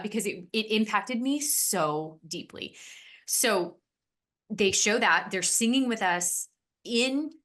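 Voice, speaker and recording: A woman podcast host telling a heartfelt personal story in an earnest, emotional way, rushing ahead in quick bursts. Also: lowish voice, bright, forceful tone.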